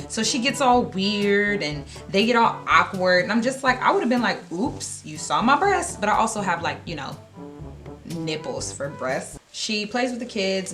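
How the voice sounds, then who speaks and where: A woman vlogger casually retelling a book plot, chatty and animated with slangy asides and lots of fillers. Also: fairly low pitch.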